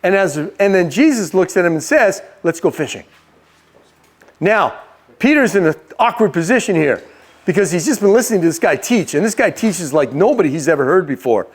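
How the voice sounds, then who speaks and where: A male preacher tells a story in a relaxed, chatty way and asks his listeners questions. His voice sits high for a man. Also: brisk. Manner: conversational, asks the audience questions. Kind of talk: storytelling sermon.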